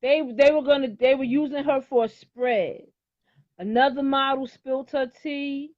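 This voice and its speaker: A woman's voice: high voice, steady tone, normal speed, no echo, phone-quality sound. A middle-aged woman in casual chat, talking in a blunt, outspoken and emphatic way.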